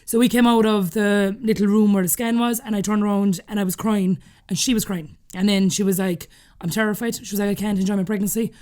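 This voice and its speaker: Fast-talking Irish woman telling stories. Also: medium pitch, fairly even intonation, darkish tone. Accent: Irish, Cork. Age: 30s. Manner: chatty, laughing often while telling stories. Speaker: podcast guest. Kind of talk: casual storytelling interview.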